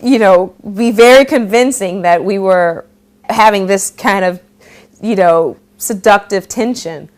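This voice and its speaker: A woman's voice: mid-range voice, a little slow, a little mellow. A young adult woman being interviewed as an actor, chatting casually and laughing as she tells stories and acts out quotes.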